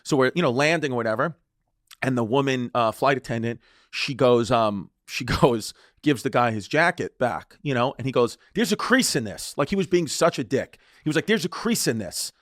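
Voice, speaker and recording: A man's voice: mid-range voice, moderate pace, fairly bright tone, dry recording, studio quality. A man co-hosting a podcast, telling a story casually with many restarts and bursts of laughter. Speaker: podcast co-host.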